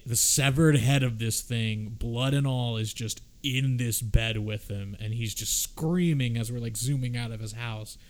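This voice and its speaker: A man hosting a casual film discussion podcast, talking in an animated, profane way. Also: mid-range voice. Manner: animated, profane, acts out the characters' lines. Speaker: podcast host.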